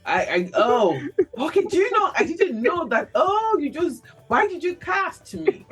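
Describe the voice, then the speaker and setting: A woman hosting a casual podcast chat, animated and quick to laugh, often repeating her words. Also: very high-pitched, faint music behind. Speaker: podcast host.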